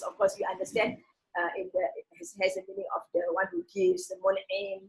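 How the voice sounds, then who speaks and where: A woman teaching a Quran passage, reading the Arabic words slowly and with stress, then explaining them in a relaxed way with many restarts. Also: medium pitch, rough recording.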